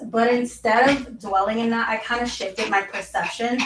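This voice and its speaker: A woman's voice: a little high, fairly even intonation, normal speed, roomy sound, recorded from a distance, slight background noise, rough recording. A young woman live streaming about self-help, talking casually with lots of "like" fillers. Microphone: mic set in front of her.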